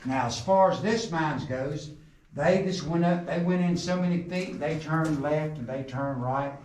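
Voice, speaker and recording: Deep in an underground coal mine, a middle-aged man guides a group at a slightly slow pace, his fairly high, somewhat mellow voice echoing off the walls. A folksy, joking storyteller, he quizzes his listeners, recorded distantly with faint background noise.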